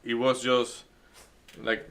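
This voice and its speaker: Bright-voiced man. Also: mid-range voice, monotone. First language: Spanish. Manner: halting, many fillers and restarts. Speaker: day trading stream host. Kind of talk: casual chat.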